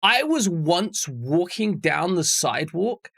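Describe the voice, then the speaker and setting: A man's voice: high voice, very animated, takes it slowly, creaky, fairly bright tone, no echo, studio quality. A man streaming live, chatting casually with viewers in a rambling, jokey way and swearing freely.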